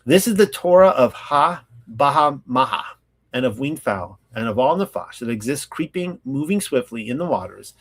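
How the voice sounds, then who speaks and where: A man from California hosting a Bible study, reading scripture slowly and then commenting in a loose, casual way full of fillers and restarts. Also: mid-range voice, expressive.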